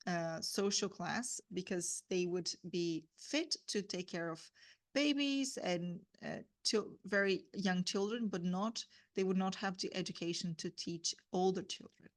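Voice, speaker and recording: A woman teaches a guided reading lesson on a classic novel. She talks in a fairly low voice, thinking aloud with fillers and frequent checks on her listeners. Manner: explains with fillers and rhetorical "right?". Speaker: literature teacher.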